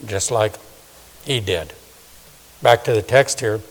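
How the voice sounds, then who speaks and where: A man's voice: on the low side, slow pace. Older male preacher, hall reverb. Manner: dramatic shifts between loud emphasis and hushed, soft-spoken asides. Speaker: pastor. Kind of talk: sermon. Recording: long reverb of a large hall.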